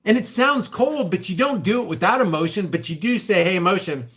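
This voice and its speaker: A man's voice: sits high, lively intonation, brisk, fairly bright tone. A man delivering an emphatic commentary rant on his vlog, now and then acting out other people's voices. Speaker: vlogger.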